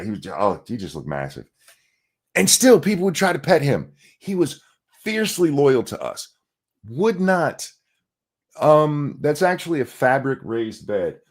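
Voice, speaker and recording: A man's voice: medium pitch, a little mellow. A man hosting a podcast, ranting and telling stories in a casual, profane, exasperated way. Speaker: podcast host.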